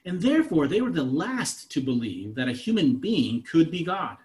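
A man in his thirties, a pastor, preaching a conversational sermon that moves between soft asides and emphatic lines. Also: a little high, very animated, normal speed.

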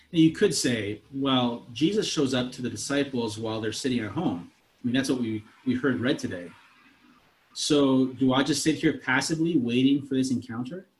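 A man in his thirties, a pastor, preaching a conversational sermon that moves between soft asides and emphatic lines. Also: mid-range voice.

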